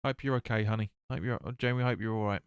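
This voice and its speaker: A man's voice: fairly low pitch, steady tone, fast, smooth, no room sound, clean studio sound. A man hosting a live football watch-along, calling the play and chatting with viewers as he reads their comments. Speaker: fan watch-along host.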